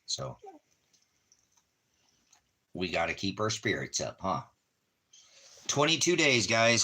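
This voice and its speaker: A man talking softly to his dog in doting, repetitive baby talk, now and then addressing his viewers. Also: deep voice. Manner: soft, doting baby talk with repeated phrases. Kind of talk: casual talk to a pet.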